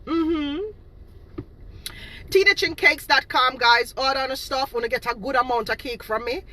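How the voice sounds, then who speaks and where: A woman in her thirties with a Jamaican patois-inflected accent talks straight to her viewers in an indignant, emphatic rant. She circles back and repeats her points over and over. Her voice is bright and forceful, sitting a little high. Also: moderate pace. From Boston, Massachusetts. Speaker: cake seller.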